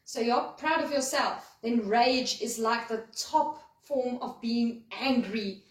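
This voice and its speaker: A woman schoolteacher, giving a recorded lesson to her pupils in a friendly way and acting out examples. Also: fairly high pitch. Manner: friendly, explains with acted-out examples. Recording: echoey room, voice a bit far from mic.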